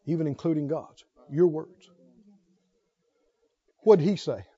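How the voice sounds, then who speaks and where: A man's voice: on the high side, slow pace, dark tone, muffled recording. A man preaching a sermon, reading scripture aloud and calling questions out to his congregation. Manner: calls out questions to the congregation, reads scripture aloud with rising fervor.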